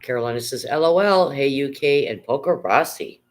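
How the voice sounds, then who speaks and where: An older woman hosts a relaxed livestream from her home. She rambles from one thing to the next, reads viewers' comments aloud and swears casually. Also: rumbling low, moderate pace, low-quality recording. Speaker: livestream host.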